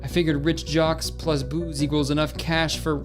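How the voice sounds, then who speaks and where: A man riffing on a story game with dry, sarcastic asides and plenty of swearing. His voice sits a bit higher than most men's, and music plays clearly behind him. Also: moderate pace. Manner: sarcastic, profane, deadpan asides. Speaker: gaming commentator. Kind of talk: comedic game commentary.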